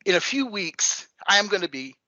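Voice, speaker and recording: A man in his fifties from England, an event MC talking in a casual interview, hyped and animated. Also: sits high, normal speed, no room sound, dull audio. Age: 50s. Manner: hyped and animated, swinging into playful voices.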